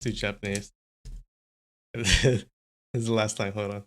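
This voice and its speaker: A man's voice: fairly low pitch, little pitch movement, unhurried, fairly bright tone. A man hosting a casual livestream, chatty and thinking aloud, laughing often. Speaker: streamer.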